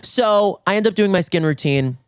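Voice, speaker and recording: A man hosting a comedy podcast, telling a comic story in an animated way and rushing through lines. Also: no echo, clean studio sound. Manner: animated, rushes through lines, jumps to high squeals for quoted reactions.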